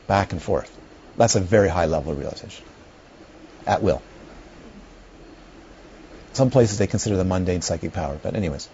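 A man's voice: lowish voice, warm tone, slight background noise. A middle-aged man teaching a class on Buddhist philosophy in a rambling, conversational way, often checking whether his listeners follow. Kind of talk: lecture to a class. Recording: dull lo-fi recording.

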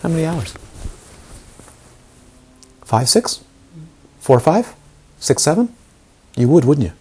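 A man's voice: on the high side, very animated, slow pace, dark tone, husky. A man teaching meditation to a group, asking his listeners repeated rhetorical questions and repeating words for emphasis. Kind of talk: dharma talk to a group.

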